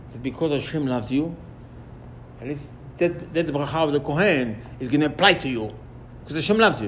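Male rabbi, slightly high voice, animated lesson style, acts out dialogues. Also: slight background noise. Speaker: rabbi teaching Torah. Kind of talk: Torah lesson.

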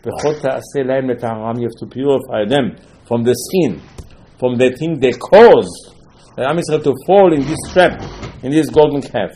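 Man giving an animated Torah sermon. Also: mid-range voice, moderate pace, a little hiss or hum, rough recording. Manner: animated storytelling, acting out the dialogue; non-native English, loose grammar, Hebrew terms. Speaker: religious teacher. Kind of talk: sermon-style Torah lesson.

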